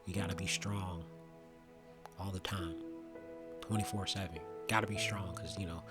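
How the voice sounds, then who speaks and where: A young man speaking earnestly and reflectively about his own experience, with frequent pauses and restarts. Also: deep voice, fairly even intonation, loud music behind the voice. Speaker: vlogger. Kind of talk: personal testimony monologue.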